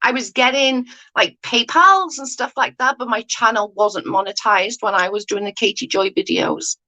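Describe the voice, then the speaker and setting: A woman's voice: a little high, normal speed, pushed and bright, rough recording. A woman on a casual livestream, rambling and correcting herself, often asking if the listener follows her. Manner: rambling, self-correcting, often asks "do you know what I mean". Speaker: YouTube commentator. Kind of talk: casual livestream chat, reading viewer comments.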